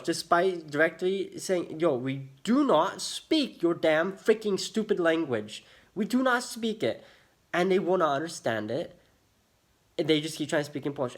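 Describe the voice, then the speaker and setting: Ranting young american guy, highish voice. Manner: agitated, ranting, swears often. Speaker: vlogger. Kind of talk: casual storytime rant.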